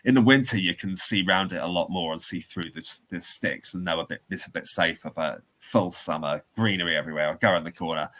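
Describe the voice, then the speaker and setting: A man's voice: sits low, fairly bright tone. A man, co-hosting a podcast and telling a rambling story with laughs and restarts. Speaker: podcast co-host. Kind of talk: casual chat, storytelling.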